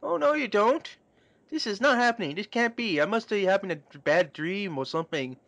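A man's voice: sits high, a little fast, gravelly, fairly bright tone, voice pushed up. A man voicing a hysterical, panicked grown man who shrieks and pleads frantically.

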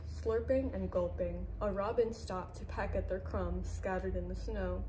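A woman librarian reading a children's picture book aloud in a gentle, even storytelling voice. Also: mid-range voice, a little hiss or hum, low-quality recording.

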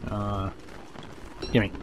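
A man giving casual let's play commentary, excitable and swearing, talking to the creatures in the game. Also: lowish voice, very slow, background noise. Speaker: gameplay commentator.

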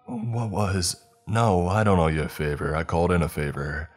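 A man voicing a gruff, curt older male shopkeeper in a narrated horror story. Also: sits low, normal speed, soft background music, natural voice. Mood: brusque.

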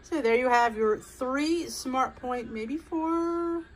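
Speaking slowly in a voice on the high side, this American cooking vlogger walks her audience through a recipe. The audio is low quality, and her casual demonstration is chatty and wandering.

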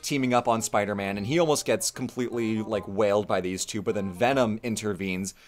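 A young man co-hosting a casual talk, recapping cartoon episodes with lively storytelling and acted-out quotes. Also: on the low side, fairly quick, faint music behind. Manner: animated storytelling, acts out quotes. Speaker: co-host.

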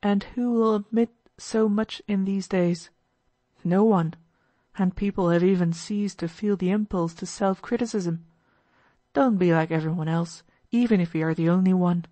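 A woman doing a gentle earnest young man. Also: lowish voice, moderate pace, dry recording, lightly acted. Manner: calm, kind, sincere counsel. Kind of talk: audiobook character voice.

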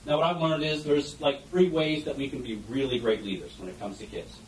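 A man's voice: medium pitch, fairly even intonation, a little fast. A man giving a humorous talk on stage about being a parent, telling stories with animation and asking the audience questions. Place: event hall before an audience. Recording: echoey room heard from a distance.

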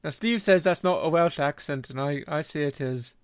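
A man hosts a relaxed beer-tasting podcast, bantering and laughing along as he goes. His voice sits a touch high, and the sound is dry and close with no room around it. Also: normal speed, clear, resonant tone, dry recording. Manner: jokey and teasing, laughs often. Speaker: podcast host. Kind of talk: casual chat.

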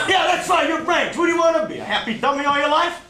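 Male performer as a bullying, profane enforcer uncle, loud and high, live on an echoey stage. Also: very noisy. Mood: scolding. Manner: shouting, bullying, profane threats. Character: tough, foul-mouthed, menacing male uncle, a neighborhood enforcer. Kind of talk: one-man stage show character work.

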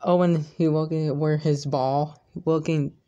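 Slow halting young man telling a story. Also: a little high, flat delivery, warm tone, highs cut off. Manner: halting, repeats words, restarts phrases. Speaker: fan storyteller. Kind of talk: casual retelling of a story.

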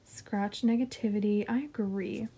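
Excitable woman with a mellow voice. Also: medium pitch, measured pace, a little hiss or hum. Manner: gushing, excitable, chatty with frequent giggles. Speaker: vlogger unboxing a haul. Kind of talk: casual unboxing chat.

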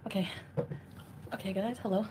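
A woman's voice: mid-range voice, fairly even intonation, moderate pace, noisy background. A woman from Ottawa chatting casually on a livestream, giggling and answering viewer comments. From Ottawa, Canada.

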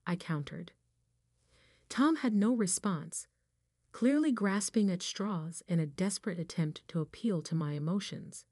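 A woman narrating a first-person story in a firm, even reading voice. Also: fairly low pitch, a little slow, no echo, studio quality.

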